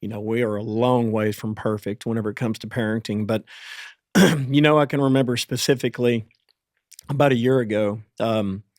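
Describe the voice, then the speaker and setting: A man in his forties, a podcast host, talking candidly about parenting, halting with many fillers and restarts. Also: mid-range voice, steady tone, darkish tone, no room sound, clean studio sound.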